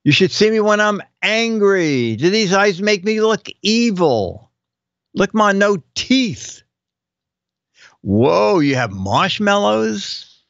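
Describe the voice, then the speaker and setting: A man's voice: high voice, sing-song, slow pace, gravelly, fairly bright tone, dry recording, highs cut off. An older man hosting a casual live show, reading viewers' joke captions aloud and chuckling between them. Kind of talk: casual comedic live-stream chat.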